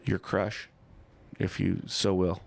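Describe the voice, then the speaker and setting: A man's voice: low-pitched, monotone, takes it slowly, vocal fry, dry recording. A man co-hosting a podcast in a small studio, chatting casually and spinning a rambling story full of "you know" and "I'm like". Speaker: podcast co-host. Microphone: studio mic.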